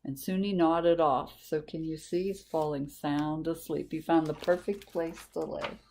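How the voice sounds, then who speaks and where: A woman librarian reading a picture book aloud to children, gently asking them questions. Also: low-pitched, fairly even intonation, a little slow, creaky, a little hiss or hum. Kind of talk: storytime read-aloud to children.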